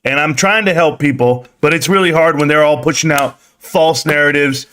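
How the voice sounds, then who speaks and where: A man's voice: on the high side, normal speed, a bit bright. A man hosting a live stream, ranting sarcastically about stocks and scolding his viewers. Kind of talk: ranting stock market commentary.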